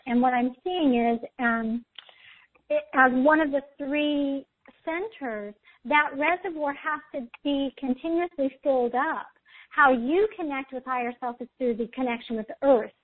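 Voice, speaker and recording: A woman host giving intuitive spiritual readings in a soothing, guiding way, often checking in with "okay?", over a tinny line. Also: sits high. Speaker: intuitive reader, show host.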